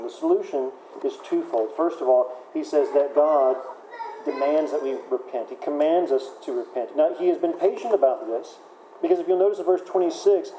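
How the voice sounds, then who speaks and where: A man's voice: fairly high pitch, dark tone, roomy sound, a little hiss or hum, poor audio. A man preaching a sermon in a conversational way, often repeating words and using fillers. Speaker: pastor.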